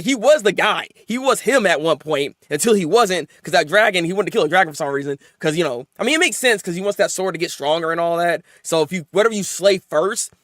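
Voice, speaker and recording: Excitable high-voiced man recapping anime. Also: no room sound, clean studio sound. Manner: excitable, laughs often, acts out characters' lines. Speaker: anime reviewer. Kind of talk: casual anime episode recap.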